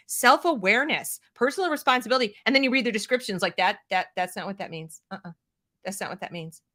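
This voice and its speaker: A middle-aged American woman hosting an opinionated commentary show, talking in an animated, sarcastic way and reading out viewer comments. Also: medium pitch. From United States. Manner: animated, sarcastic, mimics people in mocking voices. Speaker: show host.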